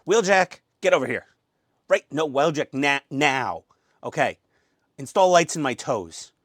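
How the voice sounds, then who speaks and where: A man's voice: a little high, animated, a little slow, fairly bright tone, dry recording, clean studio sound. A man voicing a blunt, commanding male robot leader in a joking toy skit. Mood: bossy.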